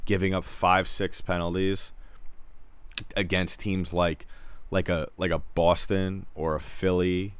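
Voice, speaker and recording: A man giving a casual, rambling hockey recap as a frustrated fan, talking in quick restarts. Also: low-pitched, little pitch movement, smooth, no room sound. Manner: rambling, exasperated, many restarts. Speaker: sports fan commentator. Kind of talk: casual sports recap commentary.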